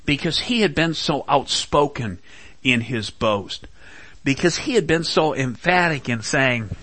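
A man preaching a sermon, slow and dramatic, acting out quoted lines. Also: medium pitch, animated, sharp tone. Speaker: pastor.

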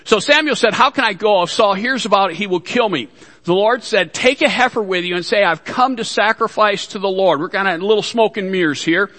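A man's voice: high voice, a little fast, bright, forceful tone, big-room sound. A man preaching a sermon to his congregation, folksy, with joking asides. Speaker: pastor.

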